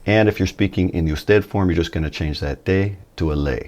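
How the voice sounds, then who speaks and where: A man giving a relaxed, chatty video lesson, with folksy asides, a little tired early in the morning. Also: sits low, brisk. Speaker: Spanish teacher.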